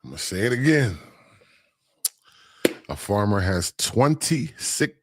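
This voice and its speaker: A man's voice: fairly low pitch, sing-song, measured pace. A man hosting a casual livestream, reading chat comments aloud, using laid-back slang and teasing with frequent laughs. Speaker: livestream host.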